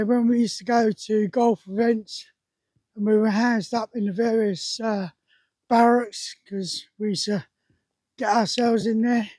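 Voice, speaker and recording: Husky older British army veteran. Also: male voice, high-pitched, mellow, no echo. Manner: rambling, chatty, peppered with "you know". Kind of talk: casual anecdote.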